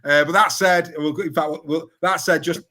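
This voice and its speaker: A man's voice: a little high, steady tone, normal speed, bright, forceful tone. A man hosting a casual rugby panel chat, teasing his co-hosts with jokey banter. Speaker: host.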